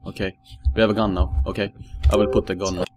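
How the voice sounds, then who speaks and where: A man's voice: low voice, flat delivery, fast talker, noisy background. A man commentating a horror game playthrough, panicky and given to yelping and repeating himself.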